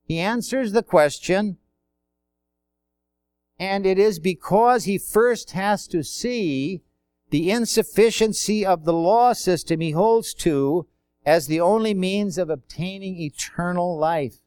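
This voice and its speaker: High-voiced man preaching a sermon. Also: slow, darkish tone, clear, resonant tone, no echo. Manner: conversational preaching with rhetorical questions and acted-out quotes.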